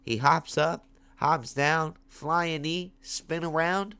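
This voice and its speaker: A slightly high, creaky but smooth-voiced man takes his time hosting his MMA betting picks show at home on a webcam or phone. His casual fight commentary is slangy and hyped, with big shifts in loudness.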